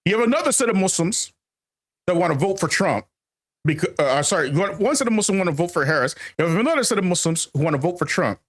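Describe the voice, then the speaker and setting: A man's voice: high-pitched, quick pace. Emphatic man hosting a commentary stream. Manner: animated, repetitive, emphatic, addresses viewers as family; laughs often. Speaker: channel host. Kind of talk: casual commentary monologue.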